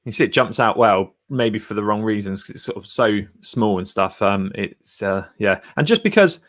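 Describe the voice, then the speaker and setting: Chatty man, lowish voice. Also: animated, moderate pace, a bit bright. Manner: chatty and blunt, talks while clicking through screens. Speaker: YouTuber reviewing thumbnails. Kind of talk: casual screen-share tutorial.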